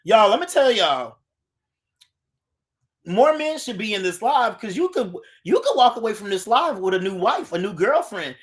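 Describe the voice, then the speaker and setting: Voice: medium pitch, very animated, moderate pace. An adult host chatting casually on a live stream, greeting viewers by name and reading their comments aloud, recorded on a phone.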